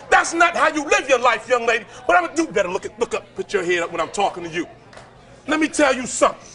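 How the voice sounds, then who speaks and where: A man, a motivational speaker, sternly shouting and scolding a teenager on a talk show stage. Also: extremely high pitch. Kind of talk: confronting a teen on a talk show. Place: TV studio with audience.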